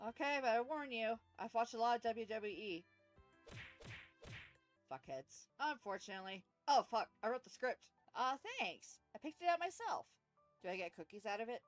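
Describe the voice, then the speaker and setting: A woman streamer reading game dialogue aloud and joking with chat, swearing freely and reacting loudly. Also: a little high, expressive, moderate pace, soft background music. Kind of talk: casual gameplay commentary.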